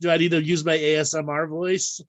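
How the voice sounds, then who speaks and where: Male host, slightly high voice, dry close sound, blunt, bawdy and quick to laugh. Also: little pitch movement, dry recording. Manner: frank, bawdy and laughing often. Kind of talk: casual live chat.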